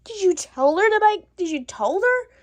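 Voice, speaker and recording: A woman's voice: very high-pitched, very animated, moderate pace, pitched above the performer's own voice. A woman voicing a panicky young married woman in a doll-play story, with dramatic, wailing lines. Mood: panicked.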